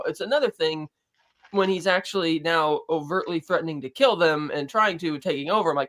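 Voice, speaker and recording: A fast-talking co-host in a casual streamed panel show, with a mid-range pitch. They chat in quick bursts and slip into acted-out quotes when retelling scenes. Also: animated, a bit bright. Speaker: podcast co-host.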